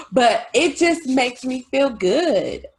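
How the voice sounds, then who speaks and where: A woman hosting a casual podcast chat, confiding and chatty, often laughing and adding quick asides. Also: high-pitched, expressive, breathy edge. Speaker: podcast host.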